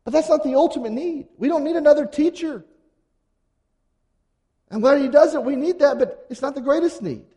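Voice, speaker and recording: A man preaching a sermon in a conversational, animated way, acting out quotes casually. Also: extremely high pitch, moderate pace, pauses often. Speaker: pastor. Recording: long hall reverb.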